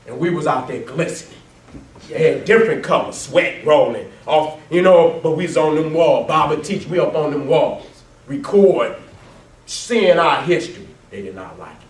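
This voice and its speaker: A man's voice: animated, normal speed. Profane storytelling man in a roomy hall. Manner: laughs often, swears heavily, swings from loud to low and quiet. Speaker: speaker presenting his life story with photos. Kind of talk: profane, animated storytelling talk to a live audience. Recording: roomy, distant mic, faint background noise.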